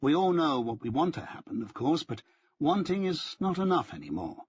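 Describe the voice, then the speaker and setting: A man's voice: a little high, big pitch swings, normal speed, darkish tone, lo-fi sound, a little hiss or hum. A man narrating a first-person audiobook in a dry, wry storytelling manner.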